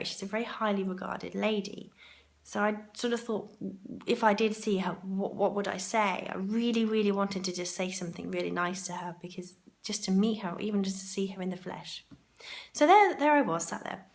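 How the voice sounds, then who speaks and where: A woman's voice: mid-range voice, gravelly. A woman vlogging to camera in a chatty, rambling way, her throat sore and groggy. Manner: chatty and rambling, with asides to herself. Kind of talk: chatty vlog monologue. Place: hotel ladies' room for part of it.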